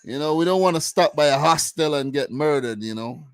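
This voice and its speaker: A man's voice: fairly high pitch, a little fast, clean tone, dry recording. Laid-back New York man chatting football. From United States. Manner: laid-back, slangy, repeats himself. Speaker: football podcast host. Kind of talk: casual chat.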